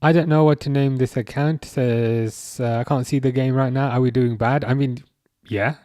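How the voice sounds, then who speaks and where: A young man hosts a casual live chat, reading viewers' messages and replying with easy, rambling remarks that often restart mid-sentence. His voice is warm and mellow at a middling pitch. The sound is dry and close. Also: steady tone, normal speed, dry recording. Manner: reads chat messages aloud and answers viewers; chatty, self-correcting, repeats words. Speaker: live stream host.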